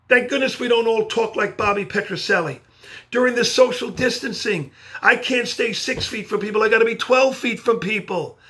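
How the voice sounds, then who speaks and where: Animated New man giving a pep talk. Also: sits high. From New York. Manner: animated, gestures while talking. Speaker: motivational speaker. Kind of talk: motivational speech by video. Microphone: video camera.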